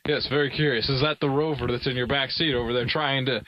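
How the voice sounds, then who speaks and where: A man's voice: medium pitch, fairly even intonation, fast talker, no echo. A young man playing a mock-formal talk show host in an improvised comedy sketch, calling his guest "sir", recorded in a parked car. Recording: slightly dull lo-fi sound.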